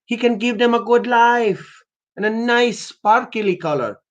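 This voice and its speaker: A man putting on a higher voice as an eager, overly formal prank caller who keeps saying "my friend". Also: measured pace, a bit bright, muffled recording. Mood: earnest.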